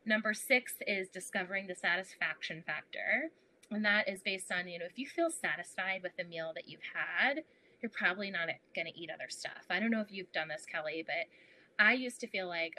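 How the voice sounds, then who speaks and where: A young woman appears as a guest on a podcast, chatting casually in a medium-pitched voice at a moderate pace over poor audio. She's animated, acting out her inner voices and laughing often throughout the interview.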